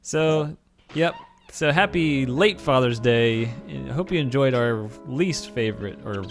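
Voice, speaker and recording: A man's voice: medium pitch, lively intonation, unhurried, soft background music. A man co-hosting a casual film-review podcast, rambling with fillers and laughing often. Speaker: podcast co-host.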